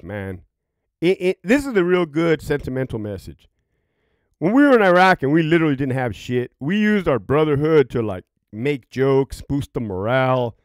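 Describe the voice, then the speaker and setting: A middle-aged man with a mid-range voice, a veteran and former prison guard, tells stories in a casual vlog. His delivery is profane and rambling, and the studio sound is clean with no room sound.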